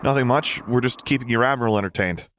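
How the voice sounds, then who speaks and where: A man's voice: mid-range voice, fast talker, a bit bright, a little hiss or hum, pitched above the performer's own voice, close to an everyday voice. A man voicing a bold, flippant eighteen-year-old girl, blunt and cheeky.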